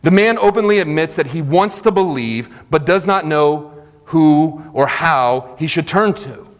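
A man's voice: on the high side, lively intonation, unhurried. A man preaching a sermon in a church sanctuary, retelling scripture earnestly with conversational asides. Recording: long reverb of a large hall.

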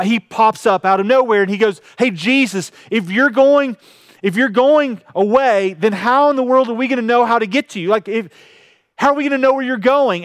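Guy preaching a sermon, kinda high voice, chatty with lots of uh's, dry close sound. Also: clear, resonant tone, no room sound. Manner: conversational preaching with frequent fillers, paraphrasing scripture. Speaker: pastor.

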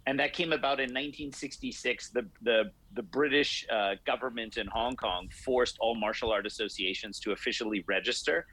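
A man with a slightly husky voice answers interview questions about the martial art he teaches. He speaks in a measured, explanatory way at a middle pitch. He laughs easily. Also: bright, forceful tone, no room sound, low-quality recording.

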